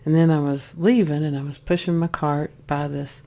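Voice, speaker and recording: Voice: medium pitch, moderate pace, vocal fry. A spiritual speaker telling a personal story in a casual way, rambling with restarts and acting out voices. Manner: animated, acts out voices in the story.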